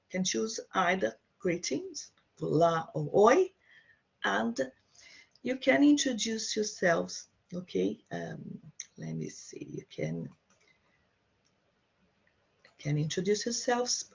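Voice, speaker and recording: A woman teaches to beginners over a video call, her coming through as she talks. She sounds a little gravelly and husky. She chats through each point and keeps checking in with her learners, and the audio is dull and lo-fi. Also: mid-range voice. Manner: chatty, explains with frequent "okay?" checks. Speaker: Portuguese teacher. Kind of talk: online language lesson. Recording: dull lo-fi online class audio.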